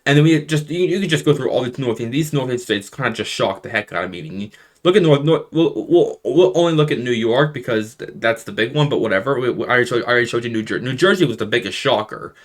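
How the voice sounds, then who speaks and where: A young man walking through an electoral map in a loose, conversational way. He trips over his own sentences and restarts them, then pushes his voice up to stress each surprise. His voice sits at an ordinary middle pitch for a man. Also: fast talker. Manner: rambling, restarts sentences, animated emphasis. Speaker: political commentator. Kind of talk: casual election map analysis.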